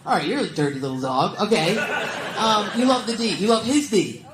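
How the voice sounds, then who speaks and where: A woman's voice: mid-range voice, very animated, a little fast, very noisy. A woman stand-up comedian doing crowd work, teasing the audience with blunt questions. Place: comedy club stage. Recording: echoey comedy club with loud crowd laughter. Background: audience laughter.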